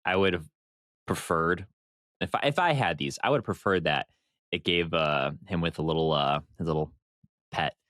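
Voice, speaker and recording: A deep male voice at normal speed, recorded in studio quality with no room sound. He's a podcast co-host in casual chat, spinning long, rambling, animated stories with the odd swear word.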